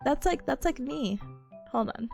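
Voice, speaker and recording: A woman's voice: sits high, animated, measured pace, creaky, dark tone, faint music behind. A young woman streamer chatting casually with her viewers, bubbly and giggly. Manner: giggly, bubbly, talks to chat. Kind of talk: casual live-stream chat.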